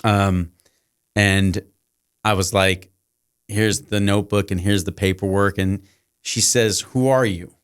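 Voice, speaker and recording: Middle-aged teacher guest, low smooth voice; chatty storyteller who plays out every exchange. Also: male voice, steady tone, takes it slowly, long pauses. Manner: long anecdotes, acting out quoted dialogue. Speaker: guest, high school teacher. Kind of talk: casual podcast storytelling.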